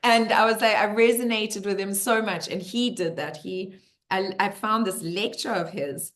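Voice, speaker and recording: A woman's voice: medium pitch, normal speed. A middle-aged woman, teaching and telling stories in a casual community Q&A, acting out the voices she quotes. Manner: animated storyteller who acts out the voices she quotes.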